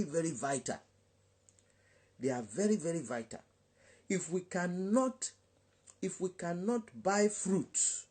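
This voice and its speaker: A man's voice: a little high, slightly rough. A man with a Nigerian English accent, a gospel DJ talking on a live online chat in an emphatic preaching style, repeating words and slipping into Pidgin.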